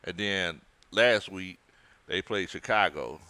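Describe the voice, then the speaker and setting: A man's voice: deep voice, slow, bright, forceful tone, smooth, no room sound. A man hosting a casual sports watch-party stream, reading viewer comments aloud in a laid-back way. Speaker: livestream host.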